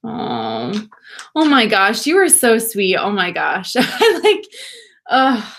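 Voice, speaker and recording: A bubbly young woman chats with viewers at home as she does her makeup on a livestream. She gushes, laughs easily and speaks at a middling pitch into a webcam mic. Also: huge pitch swings, slow, gravelly, a bit bright. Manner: bubbly, gushing, laughs often, talks to viewers. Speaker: beauty vlogger. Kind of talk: casual livestream makeup chat.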